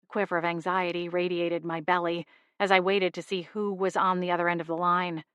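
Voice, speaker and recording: A woman reads a first-person audiobook in a steady, even storytelling manner. Her voice sits on the low side for a woman. The studio read is dry and close, with no room around it. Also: brisk, clear, resonant tone, no echo, highs cut off. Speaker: audiobook narrator.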